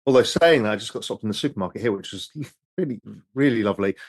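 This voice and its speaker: A candid, rambling man reads out viewer questions during a casual live-stream chat over drinks, swearing freely. His voice is on the low side and quick, captured on a dry mic.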